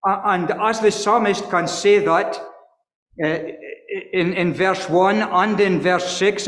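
A man preaching an earnest expository sermon, stumbling and repeating words, and reading scripture slowly in old-fashioned wording. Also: sits high, steady tone, a bit bright. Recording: echoey hall with long reverb.

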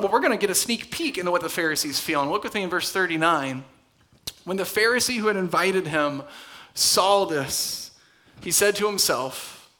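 A male pastor preaching a conversational sermon in a church, dropping to soft, intense tones for emphasis. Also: sits high, expressive, normal speed. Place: church hall.

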